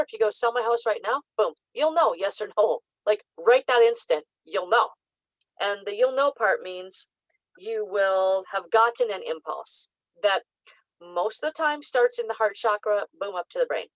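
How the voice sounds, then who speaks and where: A woman speaks as a psychic coach in a loose, chatty teaching style, full of "like" and "um" fillers. She talks in a mid-range voice and breaks into lively acted-out asides. The sound is dry and close, with little room behind her. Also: mid-range voice, no echo, low-quality recording. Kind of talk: casual spoken teaching to camera.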